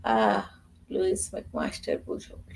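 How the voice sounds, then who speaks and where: A woman's voice: a bass voice, huge pitch swings, slow, darkish tone, a little hiss or hum, low-quality recording. A tired woman hosting a reading live stream, chatting casually and often half-whispering.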